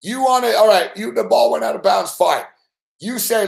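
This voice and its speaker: A man's voice: sits high, expressive, moderate pace, gravelly. A young man hosting late-night sports betting commentary, ranting angrily and swearing at a referee. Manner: profane angry ranting.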